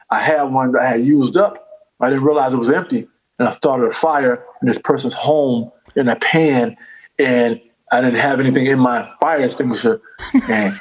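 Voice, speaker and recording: A man telling a long comic story in casual chat, animated and profane, repeating phrases as he goes. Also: mid-range voice, low-quality recording. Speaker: comedian guest.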